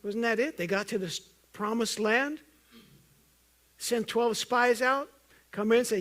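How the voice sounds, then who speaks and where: A man preaching a sermon as pastor, earnest and urging, at times loud and at times hushed, joking with the congregation. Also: expressive, unhurried, long pauses. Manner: earnest, swings from loud emphatic urging to soft low intensity; jokes with the congregation.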